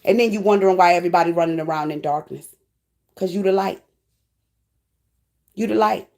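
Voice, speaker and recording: A woman's voice: lowish voice, fairly quick, a little mellow. Emotional woman tarot reader. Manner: emotional, preachy, affectionate, near tears. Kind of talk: spiritual tarot reading.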